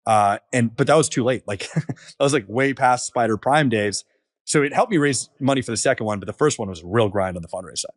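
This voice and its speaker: A man in his thirties, a startup founder, talking casually on a podcast with lots of fillers and quick asides. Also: mid-range voice, no room sound. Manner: casual, filler-heavy storytelling.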